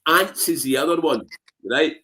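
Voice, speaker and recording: A Scottish man telling anecdotes in a casual interview, animated and full of "you know what I mean" fillers. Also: fairly high pitch, moderate pace, a little hiss or hum. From Scotland. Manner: animated, acts out voices in his anecdotes. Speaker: interview guest.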